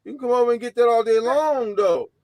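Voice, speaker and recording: A man's voice: very high-pitched, fast talker, darkish tone, no room sound. A man hosting a live stream over a remote call, teasing the others, stammering, and cutting in again and again. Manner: teasing, stammering, keeps interrupting. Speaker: host of the show. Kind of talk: casual banter on a live stream.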